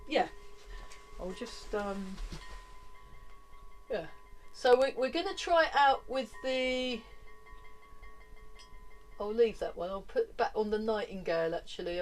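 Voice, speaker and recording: A woman's voice: medium pitch, slow pace, long pauses, distant mic, soft background music, low-quality recording. A woman teaching a tai chi class, chatting easily between movements and counting them aloud.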